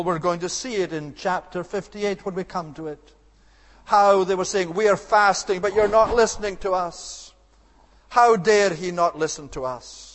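Male preacher, high-pitched, earnest and emphatic delivery, long hall reverb. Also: moderate pace, a bit bright. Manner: earnest, emphatic, rising to rhetorical outbursts. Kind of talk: expository sermon.

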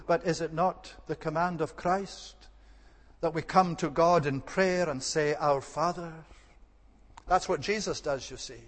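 A man's voice: fairly high pitch, in a large hall. A man preaching an earnest, emphatic sermon and repeating his key words for stress.

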